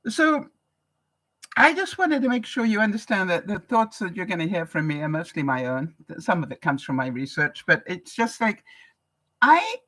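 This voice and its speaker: A woman's voice: fairly low pitch, big pitch swings, moderate pace, fairly bright tone, low-quality recording. An older woman from Canada, hosting a live vlog broadcast and chatting casually with viewers, laughing often. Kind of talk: casual advice chat to viewers.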